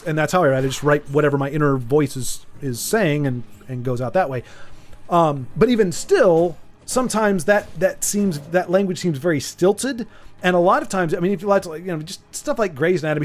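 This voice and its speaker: Male streamer, casual stammering chat, voice a bit high, soft game music underneath. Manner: rambling, stammers and repeats words; reads viewer chat aloud and teases. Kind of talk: casual chat while gaming.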